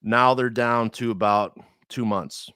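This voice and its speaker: A man's voice: mid-range voice, takes it slowly, smooth, no echo, clean studio sound. A man telling a personal story in casual chat, swearing freely and acting out the people he quotes. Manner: profane, animated, acts out quoted people.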